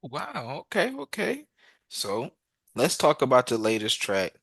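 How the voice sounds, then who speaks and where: A man's voice: medium pitch, huge pitch swings, a little slow, creaky, a bit bright, husky, dry recording, clean studio sound. A man hosting a casual interview, upbeat and jokey, laughing along with his guest. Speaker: podcast host.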